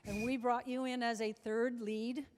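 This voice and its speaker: A woman in her seventies speaks in a slightly high voice with little pitch movement and a measured pace. As a guest in a live interview in a large club function room, she tells long anecdotes chattily, restarting often, and the recording carries a hall's reverberation.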